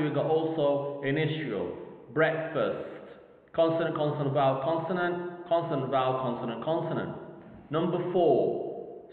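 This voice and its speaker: Male phonetics lecturer, slow and repetitive, slightly high voice, echoey tinny recording. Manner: slow, repeats each word several times while explaining. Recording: phone-like audio, echoey hall.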